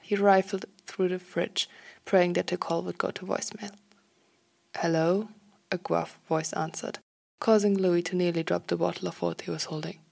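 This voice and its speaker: Woman, low and gravelly, reading a story aloud softly, half-whispering. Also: level tone, normal speed. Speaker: fan fiction reader.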